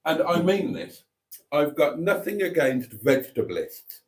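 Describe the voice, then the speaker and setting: A man hosting a live stream in a deadpan, mock-pompous way, rambling with many fillers as he reads out viewer comments. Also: on the high side, a little slow.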